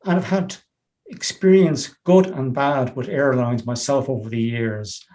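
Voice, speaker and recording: Male interview host, middle pitch, measured and reflective. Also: a little mellow. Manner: measured, reflective, asks questions. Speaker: show host. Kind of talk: interview conversation.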